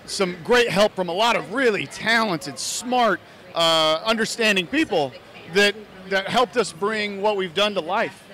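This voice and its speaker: A man's voice: high voice, measured pace, sharp tone. An American man, an actor and fan filmmaker, talking earnestly and at length in a casual interview, often restarting his phrases. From United States (Idaho).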